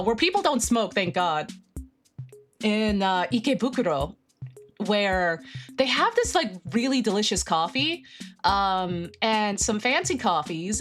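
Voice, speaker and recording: A young woman streamer chatting casually with viewers, animated and slangy, swinging between excitement and deadpan. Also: mid-range voice. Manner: slangy, lots of fillers. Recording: faint music behind the voice.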